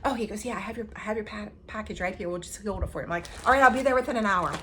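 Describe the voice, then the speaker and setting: A woman co-hosting a casual stitching chat, telling stories with lively acted-out quotes. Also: mid-range voice, rapid-fire, a little hiss or hum. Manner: animated storyteller, acts out quotes. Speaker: flosstube co-host.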